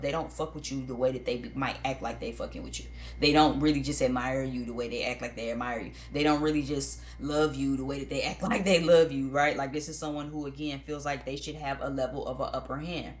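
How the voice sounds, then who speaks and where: A woman's voice: sits low, a little hiss or hum. A woman giving a casual tarot reading to viewers in a blunt, profane, conversational way. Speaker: tarot reader.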